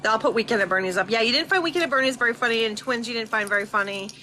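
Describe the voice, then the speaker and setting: Woman, high bright voice, teasing, amused, casual chat, faint room noise. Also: racing.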